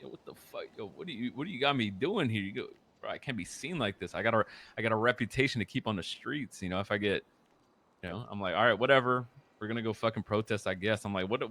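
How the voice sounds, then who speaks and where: A young man casually recounting a roleplay story, profane and animated, dropping into low mutters when quoting people. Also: a little hiss or hum. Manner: profane, animated, quotes others in muttered voices.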